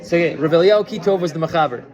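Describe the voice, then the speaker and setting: A man's voice: fairly high pitch, expressive, rapid-fire, darkish tone, dull audio. A man, a rabbi, giving an informal class to listeners, talking casually with many fillers and restarts and asking them questions. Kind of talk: informal Torah lecture with storytelling.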